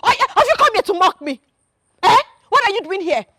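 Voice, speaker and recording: A woman's voice: very high voice, very animated, a little fast, pushed and bright, no echo, studio quality, heavily acted. An actress playing a proud young wife who fiercely defends her husband and scolds an intruder. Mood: furious. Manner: indignant, scolding, repeats accusations. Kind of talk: film drama acting.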